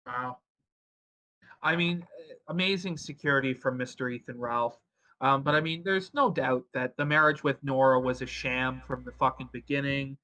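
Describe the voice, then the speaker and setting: A man's voice: mid-range voice, moderate pace, pushed and bright. A man hosting a stream, giving crude, sarcastic commentary full of swearing. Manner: sarcastic, profane. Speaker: stream host.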